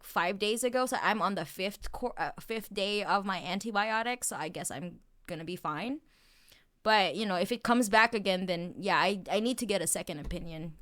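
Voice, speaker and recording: A woman streamer chatting casually, telling a story in an animated way with lots of swearing and filler words. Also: mid-range voice. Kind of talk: casual chat.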